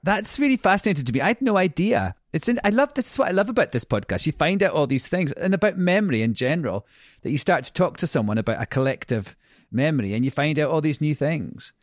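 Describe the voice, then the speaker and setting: A man's voice: a little high, expressive, quick pace, no echo, clean studio sound. A man hosting a podcast, asking eager follow-up questions in a casual interview. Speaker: podcast host.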